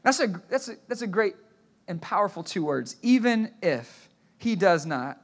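Guy preaching to his church, lively storytelling, keeps restarting lines, pretty high voice. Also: normal speed. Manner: animated storytelling with repeated restarts; asks the congregation to repeat phrases. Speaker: pastor. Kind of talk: sermon.

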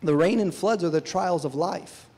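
Earnest preacher with a warm voice. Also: male voice, sits high, normal speed. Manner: earnest, presses listeners with questions. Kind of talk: sermon. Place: church service with a band. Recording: long hall reverb.

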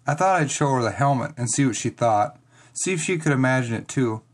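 A reader narrating a first-person children's chapter book, expressive and dramatic. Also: medium pitch, a little fast. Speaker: audiobook reader.

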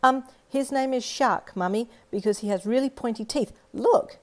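An Australian woman voicing a bossy, cheerful four-year-old girl in an audio story, high and loud. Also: lively intonation, moderate pace, lightly acted. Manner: high-pitched, loud and proud.

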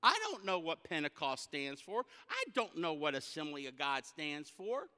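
A man preaching a funny story with a high, very bright voice that rings out sharp and smooth. His delivery is animated and comic. Long reverb from the big church hall trails every line. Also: normal speed. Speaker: guest speaker. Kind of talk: humorous sermon storytelling. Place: church sanctuary.

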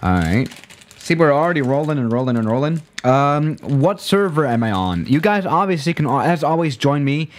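A man's voice: fairly high pitch, very animated, moderate pace. A man chatting casually on a live stream while playing a flight simulator, rambling and correcting himself as he goes. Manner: rambling, self-correcting, laid-back.

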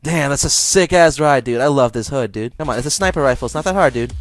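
A young man calmly mocking an opponent in an online game voice chat, sarcastic and amused. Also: medium pitch, quick pace, no echo, faint music behind. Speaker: gamer and video maker.

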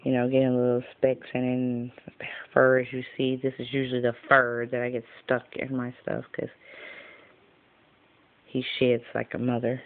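A woman's voice: a bass voice, completely flat delivery, normal speed. A tired woman in a casual show-and-tell vlog, rambling and chatty as she trails off mid-sentence. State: tired, yawning. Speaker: vlogger showing her craft pieces. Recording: tinny lo-fi phone-like sound, faint noise.

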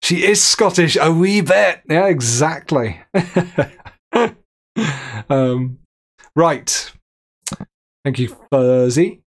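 A man's voice: a little high, lively intonation, extremely slow, pauses often. Joking male game streamer. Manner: joking, reads texts and chat aloud. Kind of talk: gameplay commentary.

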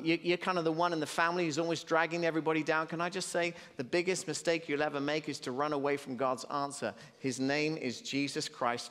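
A man's voice: fairly high pitch, a bit bright. A British man in his fifties, a pastor preaching a sermon in a conversational way with humorous asides, on a stage microphone. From Britain. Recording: long hall reverb.

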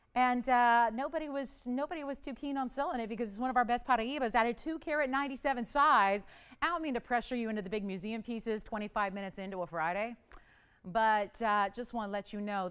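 A woman hosting a live jewelry shopping show, pitching items in chatty, joking, upbeat patter. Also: fairly bright tone, clear, resonant tone. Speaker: shopping channel host.

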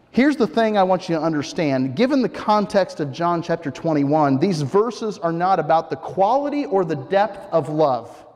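A man's voice: on the high side, darkish tone, long reverb tail. A male pastor preaching a conversational sermon, explaining a point and asking the listeners rhetorical questions.

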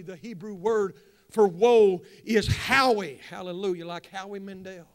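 A man preaching a sermon in church, moving between quiet asides and loud, building declarations. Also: sits high, unhurried. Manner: swings from hushed asides to loud rising preaching. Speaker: pastor. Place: church sanctuary.

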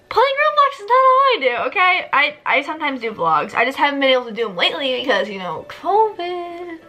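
A young woman vlogger giving excitable, casual commentary over gameplay, often squealing and laughing. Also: fairly high pitch, rough recording. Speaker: gaming vlogger.

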